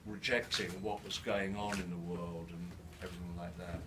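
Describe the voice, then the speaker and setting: An older man speaking to a live audience, halting with many restarts, his words slightly slurred by a new denture. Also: sits low, level tone. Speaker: guest speaker. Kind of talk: live storytelling talk. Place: event hall with an audience. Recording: distant mic in a noisy room.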